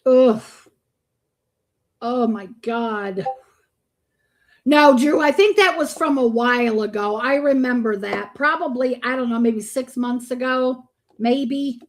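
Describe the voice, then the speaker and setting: Woman, live-stream host, blunt, swears often, groans in disgust, slightly high voice, unhurried. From Florida. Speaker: livestream host. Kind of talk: live reaction stream, chatting with viewers. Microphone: streaming microphone.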